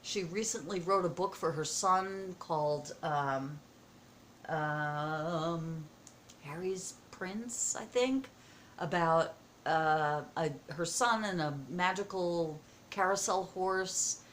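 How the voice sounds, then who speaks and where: Woman vlogger, unhurried, excitable, lots of ums, faint noise behind. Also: fairly low pitch. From United States. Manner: excited, gasping, halting with many fillers. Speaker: vlogger opening happy mail. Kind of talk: casual vlog chat. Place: home, indoors.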